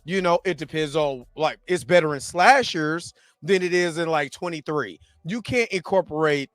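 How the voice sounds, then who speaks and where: A man's voice: fairly high pitch, moderate pace, fairly bright tone, dry recording, clean studio sound, faint music behind. A man co-hosting a podcast, talking in a laid-back, rambling way with lots of fillers. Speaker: podcast co-host. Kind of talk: casual chat.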